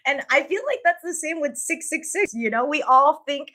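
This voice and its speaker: Bright, bubbly woman streamer. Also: sits high, animated, normal speed. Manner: laughs often, swears, bubbly self-mocking. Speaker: live streamer. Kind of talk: casual live-stream chat.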